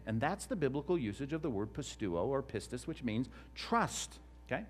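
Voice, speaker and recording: A man's voice: on the high side, big pitch swings, moderate pace. Pastor guy teaching a sermon, chatty, voice jumps around a lot, quizzes the crowd. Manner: conversational, questions the congregation. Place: church before a live congregation.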